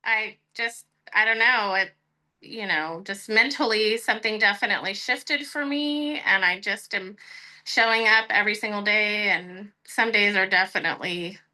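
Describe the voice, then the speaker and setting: A woman's voice: medium pitch, moderate pace, bright, forceful tone, rough recording. A woman chatting about her progress in a group session, rambling with fillers. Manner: chatty, rambling, laughs often. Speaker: coaching participant. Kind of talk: reflective group share.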